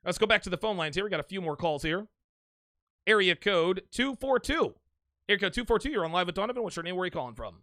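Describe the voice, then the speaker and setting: A man's voice: high voice, lively intonation, quick pace, pushed and bright, no room sound. A man in his forties hosting a live call-in show, brash and swaggering, swearing freely and laughing often. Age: 40s.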